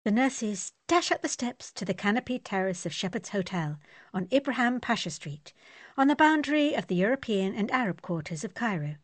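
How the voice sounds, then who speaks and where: A woman narrating an audiobook in a steady, descriptive manner. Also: medium pitch, brisk, no room sound.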